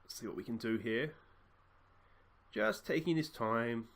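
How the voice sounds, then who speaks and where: A man's voice: medium pitch, unhurried, gravelly. A man casually commentating on his football management game as host, musing and reacting to the action. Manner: chatty, musing, bursts of excitement. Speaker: let's play host.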